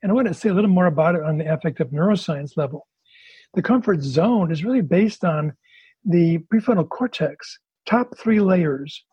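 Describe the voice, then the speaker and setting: Husky high-voiced male therapist. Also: lively intonation, normal speed, no room sound, dull audio. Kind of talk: explanatory talk with role-play demonstration.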